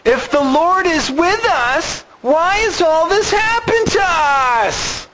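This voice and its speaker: Preacher guy putting on a high whiny young man, pleading and griping, pitched way up above his own voice. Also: lively intonation, slow pace, sharp tone, slight background noise, full character voice, rough recording. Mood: whining.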